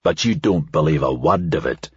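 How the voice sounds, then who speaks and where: Narrator playing a stocky older man, slow and pressing, husky, dull dry recording. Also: rumbling low, animated, dry recording, voice pushed down, heavily acted. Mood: probing. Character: short stocky older man, probing and persistent.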